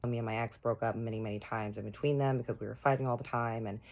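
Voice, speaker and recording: A woman's voice: rumbling low, little pitch movement, fast talker, a little mellow. A woman telling a long personal story in casual storytime style, chatty and talking straight to her viewers as y'all.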